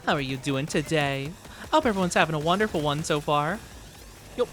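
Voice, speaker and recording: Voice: mid-range voice, animated, a little fast, fairly bright tone, soft background music. A streamer giving casual, chatty commentary while playing a game, often laughing and greeting chat at a desk microphone. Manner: chatty, giggly, talks to chat.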